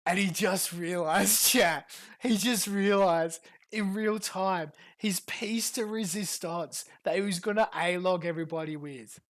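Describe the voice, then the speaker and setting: A woman streamer giving a profane, mocking reaction commentary to a clip. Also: lowish voice. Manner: profane, fast mocking rants.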